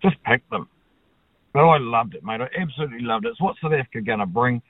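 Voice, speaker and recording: A New Zealand man with a blokey manner calls talkback radio and bluntly airs his views, swearing casually. His mid-range voice is fast with lively intonation, arriving dry and echo-free through a tinny, phone-like line.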